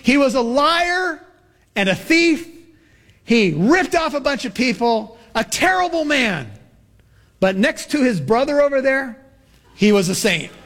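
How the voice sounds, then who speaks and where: A man playing a pastor at a funeral in a joke he tells, speaking higher and more emphatically than usual. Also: very animated, unhurried, fairly bright tone, full character voice. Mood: blunt. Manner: raised, emphatic telling of a punchline. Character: blunt male pastor at a funeral.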